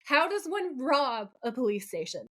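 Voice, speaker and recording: A woman co-hosting a podcast, recapping a TV episode in casual, animated chat full of laughs and "like" fillers. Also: high voice, moderate pace. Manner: animated, giggly, frequent "like" fillers. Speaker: podcast co-host.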